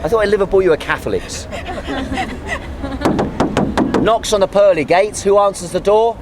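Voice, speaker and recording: A man's voice: high-pitched, fast talker, over a noisy crowd, very noisy. A man guiding a tour outdoors, giving an anecdotal history lecture sprinkled with jokes. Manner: lively, anecdotal, jokey.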